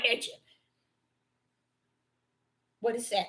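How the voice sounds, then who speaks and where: A woman in delivers a livestream sermon, her voice high and lively, jumping through a wide range. She reads scripture slowly, then erupts into sudden exclamations. The tone stays bright and sharp throughout. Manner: preaching with sudden bursts, exclaims and drawn-out scripture reading. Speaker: preacher teaching scripture on a livestream.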